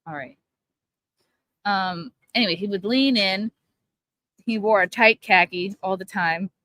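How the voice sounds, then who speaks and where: A woman's voice: medium pitch, measured pace, sharp tone, slight background noise. A woman casually chatting and telling crude stories with lots of laughter. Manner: crude storytelling, laughs often. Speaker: livestream co-host. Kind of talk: casual chat. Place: outdoors by a pool.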